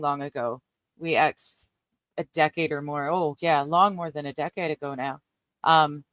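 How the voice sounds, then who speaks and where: A middle-aged woman from Canada chatting casually with her live-stream viewers before reading aloud. She rambles, laughs often and fills pauses with lots of ums. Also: lowish voice, a bit bright, no room sound.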